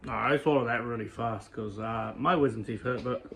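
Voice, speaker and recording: Gravelly-voiced man joking through a cooking vlog. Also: mid-range voice, moderate pace, fairly bright tone, slight background noise, low-quality recording. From England. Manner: joking, self-mocking, talks to his dogs. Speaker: cooking vlogger. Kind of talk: casual home cooking vlog.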